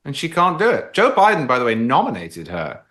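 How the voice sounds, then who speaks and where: A man who is a guest commentator on a political talk show, arguing in an articulate, emphatic, measured way. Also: medium pitch, huge pitch swings, pushed and bright.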